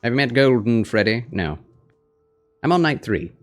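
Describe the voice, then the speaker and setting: A tired young man gently chatting with viewers while streaming a game, soft-spoken and reading chat. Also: medium pitch, expressive, normal speed, soft background music. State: fatigued. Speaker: gaming streamer. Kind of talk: live gaming stream chat.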